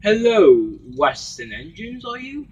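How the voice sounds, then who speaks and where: A man voicing a pushy male news reporter who talks in a brisk, announcing way. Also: sits high, big pitch swings, slightly rough, dull audio, voice pushed up, full character voice.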